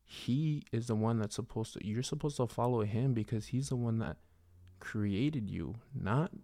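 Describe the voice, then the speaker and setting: A young man telling a personal faith story in a casual, rambling way, with many fillers and a soft, reflective delivery. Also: mid-range voice, unhurried, dry recording, studio quality. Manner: rambling, full of "you know" and "like". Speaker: vlogger sharing a faith testimony.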